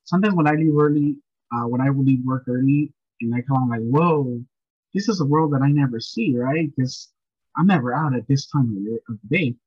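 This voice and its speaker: Husky man on a dull lo-fi mic. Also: mid-range voice, fairly quick, darkish tone, no room sound. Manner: rambling, many restarts, sympathetic. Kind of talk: casual film discussion.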